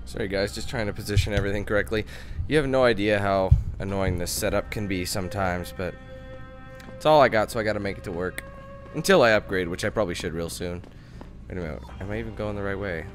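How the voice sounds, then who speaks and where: A man's voice: on the low side, faint music behind. Ranting gamer guy. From Canada. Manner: chatty, quick to curse and rant. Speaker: let's play gamer. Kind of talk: casual gameplay commentary.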